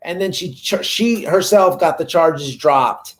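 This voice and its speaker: A man with a fairly high voice chats casually on a couple's livestream. He tells his story in a relaxed, rambling way. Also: a little slow, a little hiss or hum. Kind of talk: casual chat.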